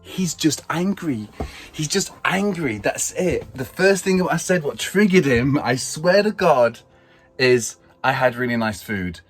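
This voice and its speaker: Soft music plays behind a middle-aged man whose slightly high voice is expressive and husky. Vlogging casually, he tells a rambling story in an exasperated tone, with quick asides along the way.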